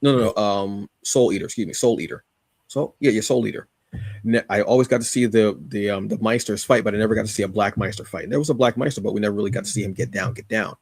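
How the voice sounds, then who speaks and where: A man's voice: on the low side, quick pace, vocal fry, no room sound, clean studio sound. A man co-hosting a podcast, casually reviewing a comic with rambling enthusiasm, many fillers and restarts.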